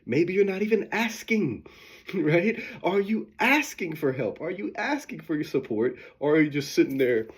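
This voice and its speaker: A man's voice: fairly high pitch, sing-song, a little slow, slightly rough. A man hosting a motivational talk, speaking candidly and emphatically, swearing freely and often laughing. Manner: acts out quoted voices of himself and his mom. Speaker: host. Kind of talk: motivational monologue.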